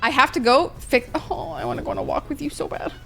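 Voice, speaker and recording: A woman's voice: sits high, quick pace, creaky. A young woman streaming a video game, ranting dramatically and swearing in exasperation at it. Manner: profane, exasperated, dramatic rants. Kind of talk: let's-play livestream commentary. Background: faint game music.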